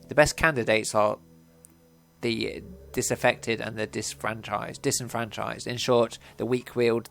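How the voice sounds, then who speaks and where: A man's voice: lowish voice, creaky, fairly bright tone. A man voicing a flamboyant painted elf who lectures theatrically in a video game.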